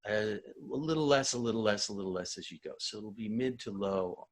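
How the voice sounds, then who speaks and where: A man leading a singing warm-up as a vocal coach, calm and encouraging. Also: fairly low pitch, a little fast, slight background noise.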